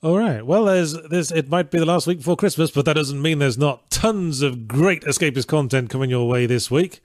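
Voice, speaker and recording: A man's voice: fairly high pitch, fairly quick, dry recording. Wry man co-hosting a stream. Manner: dry, wry remarks. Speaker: stream co-host. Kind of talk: casual chat.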